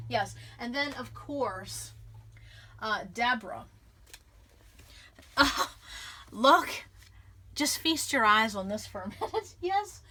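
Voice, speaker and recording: Bright, gushing woman crafting vlogger. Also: fairly high pitch. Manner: gushing, effusive and grateful; chatty with many restarts and fillers. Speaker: scrapbooking channel host. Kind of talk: casual crafting vlog chat.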